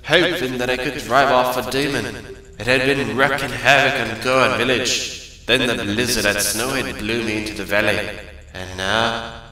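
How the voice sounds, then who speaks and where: A man's voice: mid-range voice, pushed and bright, very echoey, pitched above the performer's own voice, poor audio. A man voicing the proud ghost of a male rock-creature warrior, reading solemn, pleading lines. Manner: solemn, pleading game-text read.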